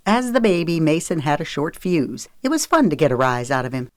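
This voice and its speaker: A woman reads a romance novel aloud with steady, measured storytelling. Her voice sits low, and the close studio mic gives it a dry, roomless sound. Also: dry recording. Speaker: audiobook narrator. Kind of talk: scripted narration.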